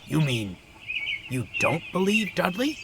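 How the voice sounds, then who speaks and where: A man voicing a gentle, anxious male engine who talks eagerly and hopefully, in a noisy recording. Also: high-pitched, wildly swooping pitch, measured pace, creaky, voice pushed up, exaggerated voice. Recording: loud background noise.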